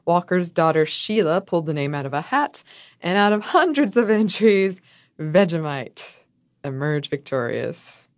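A woman's voice: lowish voice, big pitch swings, measured pace, no echo, studio quality. A woman co-hosting a podcast, reading a scripted history and trading wry, playful jokes with her co-host. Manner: wry, playful, laughs often. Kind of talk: scripted history storytelling with banter.

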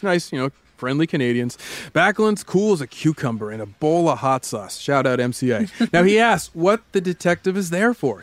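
A man with a somewhat high voice hosts a casual podcast and tells a true-crime story. He is playful and theatrical, drawing scenes out slowly for effect. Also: slight background noise. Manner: playful, dramatic storyteller with slowed scene narration. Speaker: podcast host.

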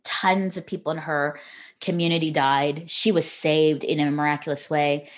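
A woman's voice: low-pitched, fairly even intonation, normal speed. A middle-aged woman, a television host speaking as a podcast guest, telling a personal story earnestly and from the heart, with frequent restarts. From Canada.

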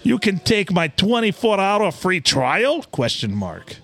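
A pushy, salesy male spam promoter, put on by a man, speaking in a thick, deliberately bad Russian accent. The broken English comes slowly, and the pitch swings up and down in a lively way. The voice sits fairly high for a man. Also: slight background noise, full character voice.

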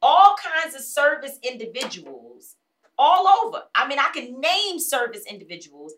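Woman host, casual storyteller; lively, swooping pitch, acts out quotes, swears freely, mic a little distant. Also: normal speed, slight background noise. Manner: animated, acts out other people's lines in quotes.

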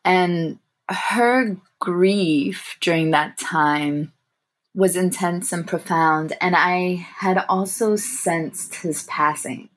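A young woman, a guest in an interview, telling personal stories in a thoughtful, warm way with soft laughs and pauses. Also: lowish voice. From grew up in England, family from Sri Lanka. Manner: thoughtful, warm, laughs softly, frequent fillers. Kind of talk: reflective personal storytelling.

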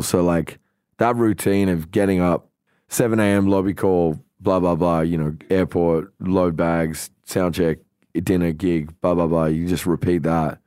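Australian man, podcast host, lowish voice, casual swearing storyteller, dry close mic. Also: mellow, dry recording. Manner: loose, swearing, acts out quoted voices.

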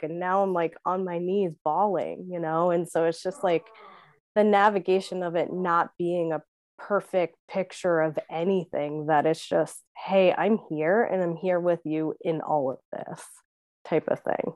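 A woman's voice: fairly low pitch, steady tone, unhurried, a little mellow, no room sound. A woman in a heartfelt casual conversation who rambles with lots of "you know" fillers. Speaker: podcast guest sharing a miscarriage experience.

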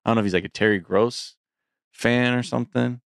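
A man co-hosting a podcast in casual, joking chat, slipping into quick impressions. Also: mid-range voice, steady tone, vocal fry, clean tone, no echo, clean studio sound. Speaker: podcast co-host.

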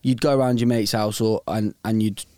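Brief: easygoing young host, rambling and jokey, dry close mic. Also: male voice, on the low side, fairly even intonation, brisk, a little mellow, clear, resonant tone, dry recording. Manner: laid-back, rambling, laughs easily. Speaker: host of a phone-in show. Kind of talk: casual chat.

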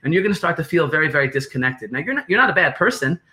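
Speaking very fast in a slightly high voice, this podcast guest with a New York accent pitches business ideas animatedly, repeating himself and performing the quotes he cites.

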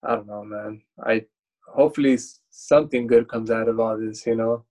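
A man's voice: lowish voice, steady tone, normal speed, darkish tone, rough recording. A man talking as a podcast guest, laid-back, with lots of casual filler. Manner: laid-back, agreeing, with loose filler talk. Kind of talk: casual chat.

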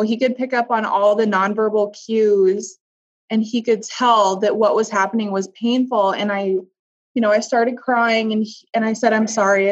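Young woman, candid and halting, lo-fi sound. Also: mid-range voice. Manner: candid, emotional, halting and searching for words. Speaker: interview guest. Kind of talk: personal storytelling in conversation. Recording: dull lo-fi audio.

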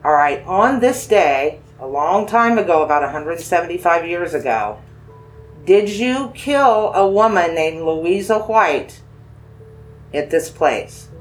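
Soft background music plays as a paranormal investigator gently questions a spirit with dowsing rods. Their mid-range voice is animated, coaxing and reassuring, with repeated phrases and slow yes-or-no questions.

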